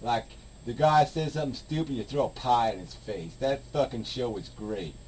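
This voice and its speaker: A man hosting a rough group chat, crude and mocking, with an ordinary pitch. A faint hiss sits behind his voice. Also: normal speed, darkish tone, poor audio. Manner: crude, mocking, does sneering impressions. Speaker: host of a chat room. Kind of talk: casual heated group chat.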